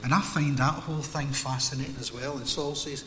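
Scottish preacher in an echoey hall. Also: male voice, mid-range voice, fairly even intonation, fairly quick, a bit bright, slight background noise. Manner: storytelling, conversational, acts out Bible scenes. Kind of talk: sermon. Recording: echoey hall with long reverb.

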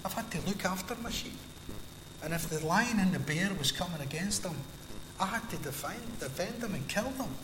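A Scottish preacher voicing eager young David. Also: male voice, lively intonation, normal speed, noisy background. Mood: urgent pleading. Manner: pleading, insistent, raised pitch. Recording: echoey hall with long reverb.

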